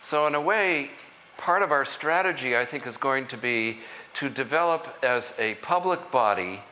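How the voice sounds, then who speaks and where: Earnest man lecturing, bright voice. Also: mid-range voice, lively intonation, in a large hall, a little hiss or hum. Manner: earnest and deliberate, with measured emphasis. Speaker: conference speaker. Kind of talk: public lecture. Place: college conference hall.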